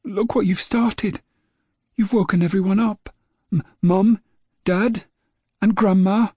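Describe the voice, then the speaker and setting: A man's voice: sits high, steady tone, slow pace, dark tone, slightly rough, no echo, pitched above the performer's own voice, exaggerated voice. A man voicing a small, eager boy who stammers on the first sounds of his words, in a storybook reading. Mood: excited.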